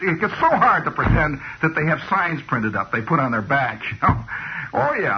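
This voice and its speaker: A man riffs through a meandering comic monologue on the radio, restarting his sentences and padding them with "you know". His voice rises and falls in a lively way. The old broadcast sound is dull, with faint hiss underneath. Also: a little high. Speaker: radio host.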